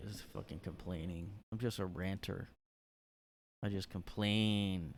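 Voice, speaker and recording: A man's voice: deep voice, fairly even intonation, measured pace, slight background noise, rough recording. A man hosting a solo comedy podcast, talking in a tired, rambling, laid-back way. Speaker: podcast host.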